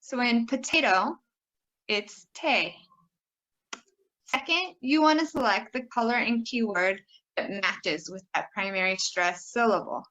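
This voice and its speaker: A woman teaching pronunciation, modelling vowel sounds and words with slow, exaggerated care. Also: fairly high pitch, a bit bright, poor audio. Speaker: pronunciation instructor. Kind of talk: recorded teaching video.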